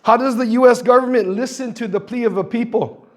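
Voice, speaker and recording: A man's voice: very high-pitched, brisk. A man in his sixties from Guam, speaking at a public forum in earnest testimony that builds through lists and rhetorical questions. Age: 60s.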